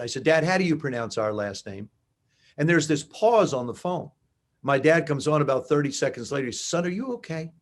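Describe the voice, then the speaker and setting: Older man telling animated stories. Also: a little high, brisk. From New Jersey, US. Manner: animated anecdotes with acted-out dialogue. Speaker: interview guest. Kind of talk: conversational storytelling.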